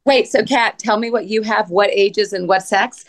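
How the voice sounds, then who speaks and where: A woman in her forties, a podcast guest in casual chat, telling lively stories and acting out what she said back then. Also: mid-range voice, normal speed. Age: 40s. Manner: animated storyteller, acts out her own past lines.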